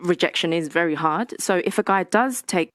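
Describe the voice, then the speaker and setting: A woman's voice: fairly low pitch, moderate pace, heavy background noise. A woman on a podcast panel earnestly explaining her views in casual talk.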